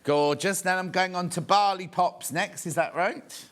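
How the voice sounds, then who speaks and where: A man's voice: high voice, normal speed, a bit bright. A man in his sixties presenting a live shopping show, chatting and bantering with viewers while he shows products. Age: 60s.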